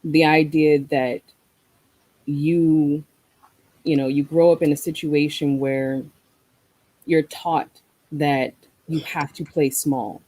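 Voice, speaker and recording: Mellow-voiced spoken-word poet. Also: medium pitch, level tone, poor audio. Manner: deliberate, rhythmic delivery. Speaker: guest poet. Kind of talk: spoken-word poetry and reflective talk.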